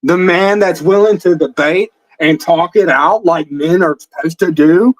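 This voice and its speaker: High-pitched man in a profane taunting rant. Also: unhurried, dry recording, low-quality recording. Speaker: livestream host. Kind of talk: heated livestream rant.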